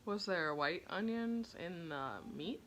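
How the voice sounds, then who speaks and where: Wry teasing woman, thirties, animated bright voice, casual co-host. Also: fairly low pitch, slow pace, a little hiss or hum. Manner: wry, teasing, deadpan jokes. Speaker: podcast co-host. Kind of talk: casual chat.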